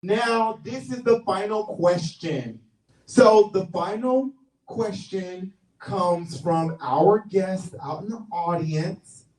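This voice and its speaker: A man's voice: high-pitched, slow, darkish tone. Teasing male talk show host. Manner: teasing, mock-serious banter with the crowd. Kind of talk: comedic live talk show hosting. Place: stage before a live audience. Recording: roomy stage sound from far off.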